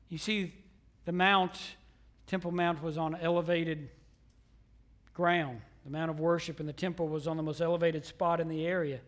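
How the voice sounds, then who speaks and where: Emphatic preaching man, high and bright. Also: little pitch movement, moderate pace. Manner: emphatic preaching that swings from loud declarations to hushed near-whispers. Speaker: pastor. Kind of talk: sermon. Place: church sanctuary.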